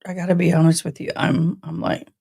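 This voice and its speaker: A woman's voice: lowish voice, flat delivery, a little fast, vocal fry, heavy background noise. A woman in her forties with a Southern accent from Tennessee and Texas, hosting a casual live stream and chatting with viewers by name in a folksy way. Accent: mixed East Tennessee and Texas Southern. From Tennessee, raised in Texas. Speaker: livestream host.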